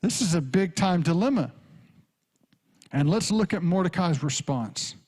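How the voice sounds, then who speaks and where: Rich: A male pastor, preaching with animated storytelling. His voice sits on the higher side, and he slips into the characters as he goes. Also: unhurried, breathy edge. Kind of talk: sermon.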